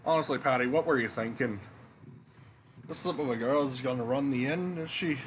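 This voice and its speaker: A sceptical, grumbling woman who doubts everyone around her, voiced by a man. The delivery is complaining and scornful, near a man's normal pitch. Faint hum sits under the voice. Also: fairly even intonation, fast, lightly acted.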